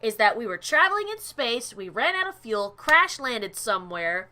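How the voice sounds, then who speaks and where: A woman hosting a casual let's-play, chatty and giggly, reacting out loud as she reads a visual novel. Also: on the high side, big pitch swings, moderate pace. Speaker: gaming channel host.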